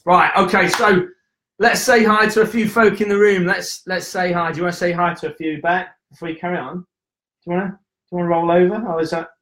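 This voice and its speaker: A young man from the UK chatting casually and hyperactively on a live stream, joking and telling quick stories. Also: sits high, steady tone, a bit bright, reverberant. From United Kingdom. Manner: hyper, jokey, quick storytelling with acted voices. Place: indoor room at home.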